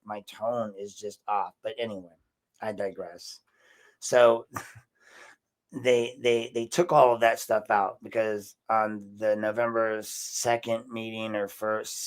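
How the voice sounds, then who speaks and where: A man with a mid-pitched voice hosts a podcast. He gives emphatic commentary, often repeats himself and calls his listeners "folks". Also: fairly bright tone, clear, resonant tone. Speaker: podcast host. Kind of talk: commentary on a council meeting.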